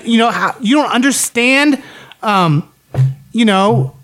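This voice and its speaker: A man's voice: very high voice, animated, takes it slowly, fairly bright tone. A man in casual podcast chat, ranting animatedly with heavy swearing. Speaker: podcast co-host.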